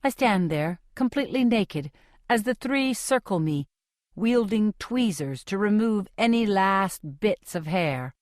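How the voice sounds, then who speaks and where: A young adult woman reading a novel aloud in measured, clearly separated sentences. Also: mid-range voice, animated, a little mellow, dry recording, clean studio sound. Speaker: audiobook reader. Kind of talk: scripted audiobook narration.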